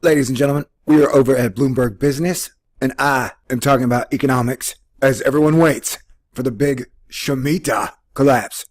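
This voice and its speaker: A man's voice: mid-range voice, brisk, soft background music. Male vlog host, mid-range voice, sarcastic commentary on a news story, wanders off on jokes. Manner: rambling, jokey and sarcastic, with frequent asides. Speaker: host of an economics commentary channel. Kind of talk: casual commentary on a news article.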